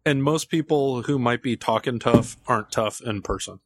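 A man's voice: mid-range voice, moderate pace, husky. A man from California telling wry, laughing anecdotes in a casual podcast chat. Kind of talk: casual storytelling.

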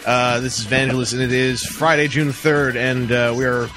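A man's voice: medium pitch, level tone, moderate pace, music in the background. A man hosting a podcast at a fan convention, chatting casually with many fillers and restarts into a handheld mic. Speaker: podcast host. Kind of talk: casual chat. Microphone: handheld mic passed between speakers.

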